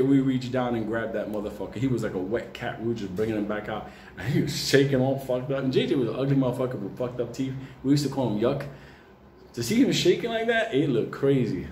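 A man's voice: mid-range voice, a little mellow. A man telling a rambling personal story in a casual, heavily profane way, often breaking into laughter. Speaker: market commentator telling a story. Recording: echoey room, faint ambient noise.

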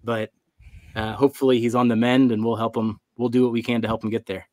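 A man hosting a casual livestream, relaxed and a little hesitant as he talks about helping a friend and explains donations. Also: mid-range voice, quick pace, slight background noise. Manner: relaxed, a bit hesitant, lots of uh and um. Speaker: livestream host.

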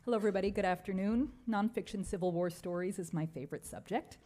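A woman speaking as an author at a book festival, who introduces her book and then reads from it in a measured way. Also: medium pitch, warm tone, a faint crowd. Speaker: author on a panel. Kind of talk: reading aloud from her book. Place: book fair event.

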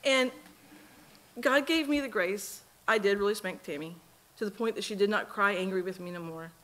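A woman's voice: mid-range voice, normal speed, fairly bright tone. A middle-aged woman, a mother speaking at a memorial service, telling earnest, folksy stories about her daughter with lots of quoted dialogue. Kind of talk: personal eulogy storytelling. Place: church sanctuary.

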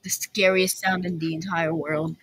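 A woman doing casual reaction commentary, breaking into quick incredulous outbursts. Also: fairly low pitch, flat delivery, fairly bright tone, breathy edge, no echo, low-quality recording. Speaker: video reactor.

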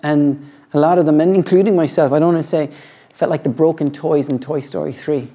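A middle-aged man, a yoga teacher, talking reflectively and earnestly about his practice, halting often and restarting his sentences. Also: a little high, steady tone, warm tone. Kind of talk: reflective personal talk.

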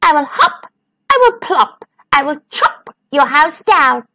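A woman voicing a small, whiny, impatient boy wolf cub in a high squeaky voice for a storybook. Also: very animated, takes it slowly, sharp tone, full character voice.

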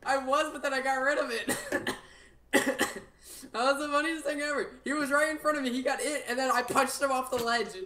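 A man chatting casually while gaming, giggly, excitable and teasing. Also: very high-pitched, fairly quick, slight background noise. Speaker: gaming guest.

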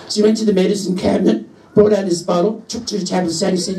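This drag queen comic races through camp, bawdy, profane stand-up banter on stage at a licensed music venue. The man's voice is high-pitched and mellow with fairly even intonation. Captured from a distant mic in the roomy venue, the recording carries crowd noise.

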